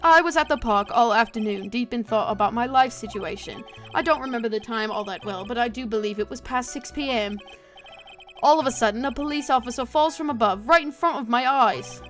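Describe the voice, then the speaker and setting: A woman's voice: a little high, a little fast, fairly bright tone, faint music behind, close to an everyday voice. A woman voicing a pompous British man who fakes being posh, in a shaky put-on British accent mixing Cockney and posh. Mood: self-important. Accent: put-on British, Cockney mixed with posh. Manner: reading aloud with a clumsy put-on accent. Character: pompous British man witness, faking poshness.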